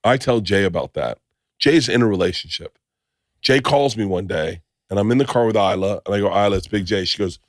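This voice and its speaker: A middle-aged man with a somewhat low voice hosts a podcast in casual chat. He tells profane, rambling stories, jumping into the voices of the people in them. The sound is close and dry, with no room behind it. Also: a little fast, no room sound. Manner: profane, rambling storyteller acting out quotes. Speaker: podcast host.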